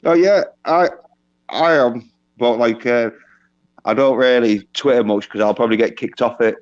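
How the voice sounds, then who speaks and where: A man's voice: mid-range voice, normal speed. A man with an English accent chatting casually, rambling and hesitant with lots of fillers. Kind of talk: casual chat. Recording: dull lo-fi mic.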